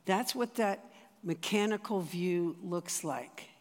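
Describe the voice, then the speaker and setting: A church teacher gives sermon teaching in an easy, conversational manner. The teacher asks the room rhetorical questions. The voice sits at a middle pitch, and the hall adds a long reverb. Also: takes it slowly. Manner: conversational, with rhetorical asides to the audience.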